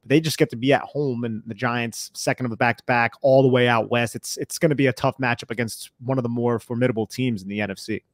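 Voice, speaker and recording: A man's voice: medium pitch, steady tone, quick pace, few pauses, dry recording. A man co-hosting a football podcast, breaking down the schedule in a casual, conversational way with some slang. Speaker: podcast co-host. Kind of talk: sports analysis chat.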